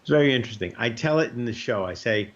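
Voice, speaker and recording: A man's voice: mid-range voice, animated, fast talker, dull audio. A man, a comedian guest, telling comic stories over a video call, timing his punchlines and mimicking his relatives playfully. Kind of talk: comic storytelling.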